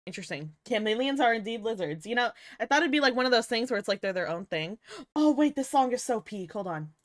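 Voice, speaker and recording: A woman's voice: fairly high pitch, expressive, fast, no room sound, clean studio sound. A young woman VTuber chatting casually with her viewers, playful and giggly, teasing them and swearing often, a little tired. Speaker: VTuber streamer. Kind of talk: casual livestream chat with viewers.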